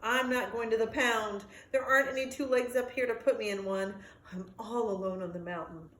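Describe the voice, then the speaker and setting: A woman voicing a friendly young male dog, anxious but kind, in a lively storybook reading with sound effects. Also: on the high side, fairly quick, roomy sound, lightly acted. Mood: worried.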